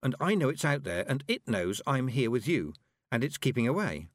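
A man's voice: medium pitch, big pitch swings, normal speed, no echo. A man reading an audiobook voices a thoughtful eleven-year-old witch girl who speaks earnestly and gropes for her words.

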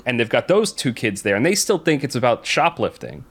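A man's voice: mid-range voice, sing-song, fairly quick. Rambling man retelling a movie plot. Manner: rambling storyteller, many fillers and restarts. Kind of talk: casual chat.

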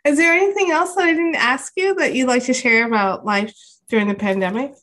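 A woman hosting a podcast, asking gentle, curious questions in a casual interview. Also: high-pitched, a little fast. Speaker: podcast host.

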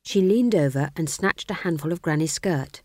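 A woman narrating an audiobook in an expressive, measured reading. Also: low-pitched, no echo, studio quality. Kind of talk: scripted narration.

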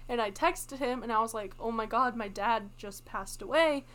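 A woman's voice: fairly high pitch, moderate pace, a bit bright. A young woman co-hosting a casual podcast chat, telling a story in a chatty way and laughing easily. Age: young adult. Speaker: podcast co-host.

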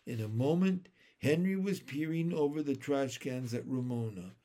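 A man reading a children's chapter book aloud in an expressive, unhurried way. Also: medium pitch. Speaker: storyteller.

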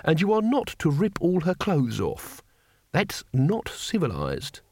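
A man's voice: a little high, huge pitch swings, a little slow, a little mellow, no echo, studio quality, voice pushed up, heavily acted. A man voicing a fussy, polite middle-aged schoolteacher who speaks patiently to unruly pupils in an audiobook.

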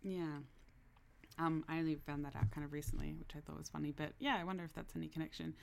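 A woman's voice: sits low, little pitch movement, fast talker, creaky. A woman co-hosting a podcast in casual chat, talking with many fillers and laughing often. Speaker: podcast co-host.

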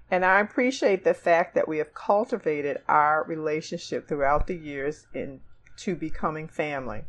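A woman with a somewhat low voice reads a heartfelt letter aloud, emotional and on the edge of tears. She breaks into laughter between lines as she pushes through. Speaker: podcast co-host.

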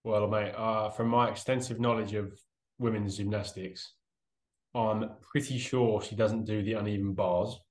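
A man's voice: lowish voice, fairly even intonation, moderate pace, a little mellow, roomy sound. A man co-hosting a casual podcast, answering quiz questions with dry, rambling jokes. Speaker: podcast co-host, quiz contestant. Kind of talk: casual banter.

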